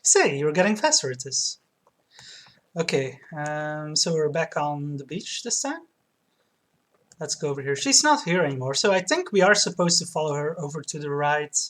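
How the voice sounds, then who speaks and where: Woman, let's play commentary, chatty, giggly, lowish voice. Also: big pitch swings, moderate pace. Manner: chatty, giggly, reads chat aloud. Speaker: streamer.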